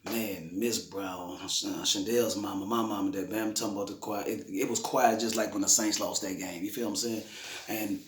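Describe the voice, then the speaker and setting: A man's voice: lowish voice, fairly even intonation, brisk. A middle-aged man, a father telling an emotional personal story in a conversational, repetitive way. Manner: conversational, repeats himself, frequent "you know what I'm saying". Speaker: grieving father interviewee. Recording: roomy echoey room.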